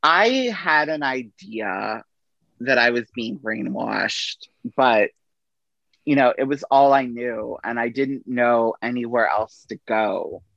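Middle-aged man, gravelly, easygoing storyteller, dull dry recording. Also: medium pitch, slow, no echo. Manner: relaxed anecdotal delivery with quoted dialogue. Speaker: podcast guest, army veteran. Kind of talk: casual storytelling.

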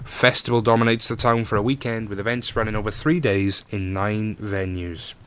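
A man's voice: lowish voice, fairly even intonation, normal speed, fairly bright tone, smooth. A man hosting a casual radio chat show, teasing his guest and reading out facts in a joking manner. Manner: jokey, teasing, reads facts aloud.

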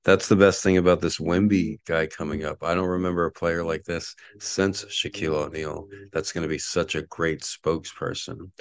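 A man's voice: low-pitched, fairly even intonation, moderate pace, few pauses. A man hosting a solo sports podcast from his apartment, rambling with lots of fillers. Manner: angry ranting at a neighbor outside. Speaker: podcast host. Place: apartment at home.

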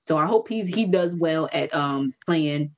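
A woman in casual chat, blunt and animated, swearing freely and jumping high when heated. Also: measured pace, dull audio.

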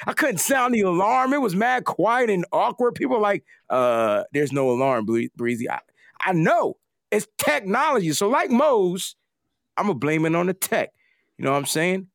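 A man hosting a live sports talk stream, excitable and slangy as he chats with viewers and co-hosts. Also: sits high, gravelly, no echo, clean studio sound. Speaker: podcast host. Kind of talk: casual livestream chat.

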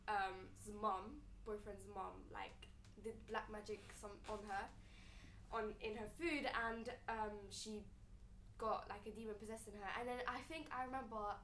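A young woman telling a long story in casual chat, rambling and animated, with many fillers. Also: medium pitch, slight background noise. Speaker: storyteller guest. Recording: echoey room, a little distant.

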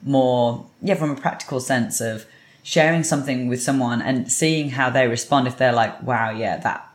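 A podcast guest giving thoughtful, steady advice in a casual chat. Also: medium pitch, moderate pace. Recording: roomy echoing sound.

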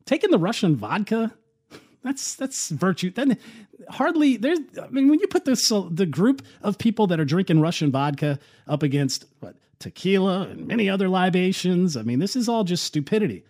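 A man delivers opinionated political commentary in a loose, conversational way. His voice sits a little high, and he talks with a sarcastic, scoffing edge. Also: very animated, moderate pace, darkish tone. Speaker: commentary show host.

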